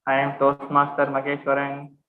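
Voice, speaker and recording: A man's voice: mid-range voice, monotone, normal speed. A man on a video call, guessing good-humouredly and hesitantly. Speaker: meeting participant. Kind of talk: casual chat. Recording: roomy, phone-like call audio.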